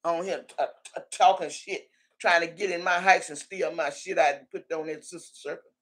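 A woman's voice: on the low side, fairly even intonation, normal speed, slightly rough. A woman hosting a live stream in a casual, chatty way, laughing often and calling out viewers' names and comments. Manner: laughs a lot, chatty and teasing; calls out viewer names one after another. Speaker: livestream host.

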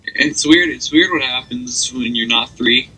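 A young man chats on a casual podcast, wandering from story to story with plenty of energy. His voice is strikingly bright and edged with a husky rasp. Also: medium pitch, a little slow, rough recording. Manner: rambling, animated storytelling with laughs. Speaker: podcast co-host. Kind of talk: casual chat.

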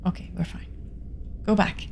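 A woman's voice: moderate pace, darkish tone, slight background noise. A young woman from Finland with a Finnish accent, chatting through a horror game stream, jumpy and often dropping to a whisper. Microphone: desktop studio mic.

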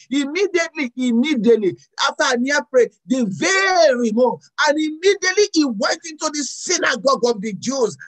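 A woman's voice: fairly high pitch, rough recording. A woman pastor preaching and praying over a video call, impassioned, repeating phrases and often raising her voice. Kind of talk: fervent sermon and prayer.

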